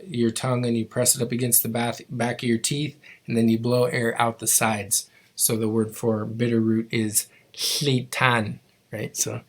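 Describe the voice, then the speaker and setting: A man teaching a language class, patiently explaining how to make each sound, with frequent ums and restarts. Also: mid-range voice.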